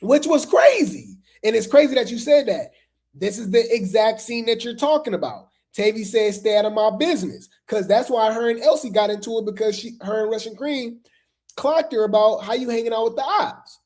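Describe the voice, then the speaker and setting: Gossipy commentary host, mid pitch. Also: expressive, a little fast, darkish tone. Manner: chatty, repeats phrases, gossipy asides to viewers. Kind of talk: casual drama commentary.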